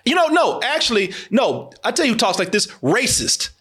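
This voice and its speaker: Animated young man reviewing a movie. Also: very high-pitched, normal speed, breathy edge. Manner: animated, emphatic, swears and laughs often. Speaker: podcast host. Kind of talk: casual movie review chat.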